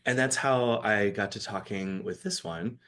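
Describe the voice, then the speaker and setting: A man from Michigan, a podcast guest, telling a story in casual, animated chat with frequent laughter. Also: on the low side, unhurried.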